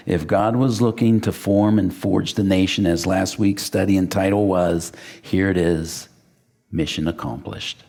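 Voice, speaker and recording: Pastor guy from western pa, kinda low gravelly voice, animated storytelling sermon. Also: unhurried. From western Pennsylvania. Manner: animated storyteller, acts out quotes.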